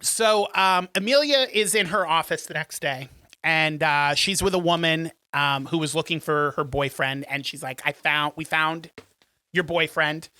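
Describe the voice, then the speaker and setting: A man co-hosting a podcast, casually retelling a film plot in a rambling way, with many ums and quick acted-out quotes. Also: a little high, pushed and bright, smooth, no echo. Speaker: podcast co-host.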